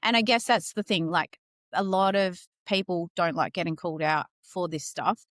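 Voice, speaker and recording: A middle-aged woman, hosting a casual podcast conversation and telling stories in a lively way. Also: on the low side, moderate pace, no echo, clean studio sound. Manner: animated storyteller, acts out quoted dialogue. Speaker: podcast host.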